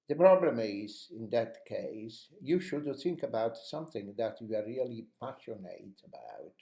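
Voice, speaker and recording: A man's voice: mid-range voice, mellow, echoey room. A man teaching how to speak English with energy, giving encouraging advice in an instructional lesson. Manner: encouraging, coaching tone.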